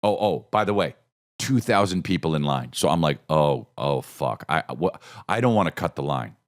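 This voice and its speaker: A middle-aged man spins a comedic story on his podcast, his pitch swinging widely as he acts out the people he met. He swears freely and slips into quick little impressions, then drops back to a low grumble. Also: expressive. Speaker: podcast host.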